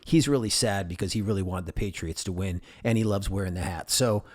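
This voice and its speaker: A middle-aged man from New England talks through a solo podcast in a loose, rambling way. His voice sits somewhat low, and he drifts into jokes and asides. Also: fairly quick, a little mellow. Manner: rambling, jokey, talks to his stuffed animals. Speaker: podcast host. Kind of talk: casual solo podcast monologue.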